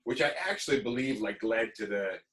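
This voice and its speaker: A bright, forward-sounding man hosts a relaxed livestream talk. He tells his stories with animated energy and acts out the voices of the people he quotes. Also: on the low side, a little fast. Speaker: podcast host. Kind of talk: casual livestream chat.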